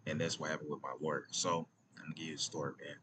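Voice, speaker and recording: A man's voice: a bass voice, flat delivery, quick pace, noisy background. A man with an Atlanta accent telling stories in a casual vlog, loose and slangy, often dropping to near-whispers. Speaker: vlogger.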